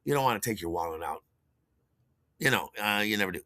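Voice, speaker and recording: A man in his sixties, a podcast host, telling a personal story in an animated way and acting out the dialogue. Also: fairly low pitch, fast, no echo. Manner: animated, acts out dialogue with shouted outbursts.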